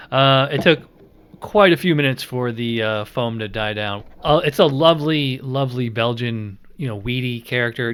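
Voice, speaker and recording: Male host, casual review chat, middle-pitched, laid-back and rambling, thinks out loud. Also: clean tone. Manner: rambling, many fillers like "like" and "you know"; easygoing, thinking aloud.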